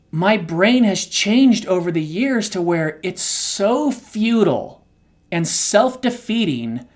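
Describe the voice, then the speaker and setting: Emotional, confessional man co-hosting. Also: sits high. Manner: emotional and confessional, swings between soft and loud. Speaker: co-host. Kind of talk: candid podcast conversation.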